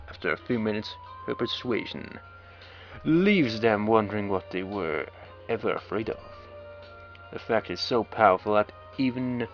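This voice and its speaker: Joking his way through game text, a bright-voiced man with a lowish voice and vocal fry reads aloud as a let's play commentator, slipping wry, sarcastic asides between lines. Faint game music plays under the dull, lo-fi recording.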